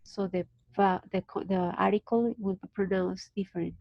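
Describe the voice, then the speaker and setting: A woman's voice: medium pitch, steady tone, creaky, dry recording, highs cut off. Colombian woman teaching English, patient. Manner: patient, explains slowly with restarts. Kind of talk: online class explanation.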